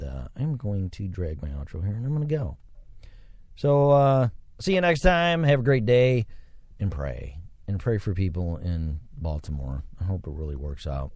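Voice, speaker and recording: A man talks alone into the mic for his own show, wandering from thought to thought. His voice sits low and dark, yet his pitch rises and falls with lively swings. He sounds reflective and a little preachy. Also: dry recording. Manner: rambling, reflective, religious. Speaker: podcast host. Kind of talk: solo casual monologue.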